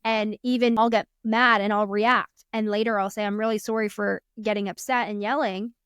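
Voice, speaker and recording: Speaking at normal speed with a medium, slightly bright pitch and fairly even intonation, this thirtysomething coach sounds smooth over clean studio sound with no room noise. As a podcast guest in a casual interview, she earnestly tells stories about parenting, voicing her children's lines.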